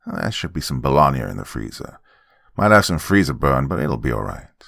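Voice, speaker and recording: A stern, mocking father with a gravelly voice that rumbles down at the very bottom of the range, as a storyteller puts him on. He sounds smug and bossy toward his son, in a dry, close recording. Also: sing-song, fairly quick, fairly bright tone, dry recording, full character voice. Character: stern teasing middle-aged father.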